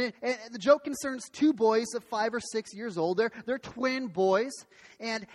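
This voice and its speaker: A man preaching a sermon as pastor, telling a story in an animated way, often restarting his sentences. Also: very high voice. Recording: long hall reverb.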